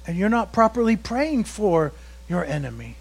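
A man preaching a sermon as pastor, slowing down for emphatic quotes and chuckling between points. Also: sits high, big pitch swings, vocal fry.

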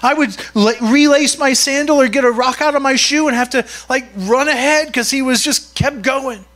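A man voicing a male disciple who chattily recalls rushing to keep up with his teacher. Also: extremely high pitch, fairly bright tone, voice pushed up. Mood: flustered. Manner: chatty, breathless retelling.

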